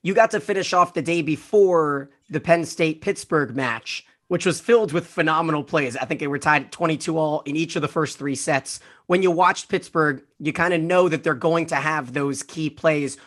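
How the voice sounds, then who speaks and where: Bright-voiced man hosting a podcast. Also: on the high side, moderate pace, hardly any pauses. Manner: friendly, wordy questions. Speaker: podcast host. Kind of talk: podcast interview host.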